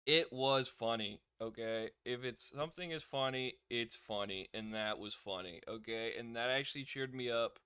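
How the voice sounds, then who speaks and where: Young man, casual review chat, laughs often, bright tone, dry close sound. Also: mid-range voice, moderate pace, few pauses, smooth, no echo. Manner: chatty, laughs often, acts out quotes. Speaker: wrestling reviewer.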